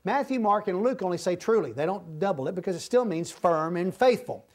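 High-voiced man teaching a Bible study. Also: lively intonation, a little fast. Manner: explains verses, acts out the speakers' lines, then closes in a quiet prayer.

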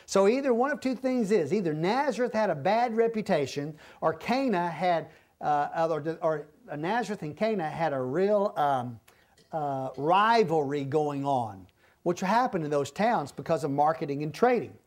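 A man's voice: on the high side, expressive, moderate pace. A man teaching a verse-by-verse Bible study, explaining the scripture and acting out the speakers' lines. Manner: explains verses, acts out the speakers' lines, then closes in a quiet prayer.

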